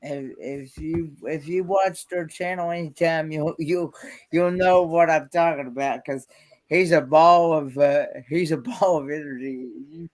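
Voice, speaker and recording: His voice is fairly high and steady in tone. In a relaxed live-stream chat he halts, repeats himself and restarts, all while carefully and earnestly explaining details.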